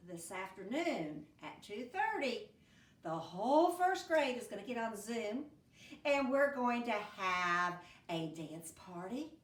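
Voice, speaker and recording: Lady teacher reading a kids' book, high swoopy voice, kinda far off in a roomy space. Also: slight background noise. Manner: animated, expressive storybook voices for children. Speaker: first grade teacher. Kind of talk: reading a picture book aloud to children.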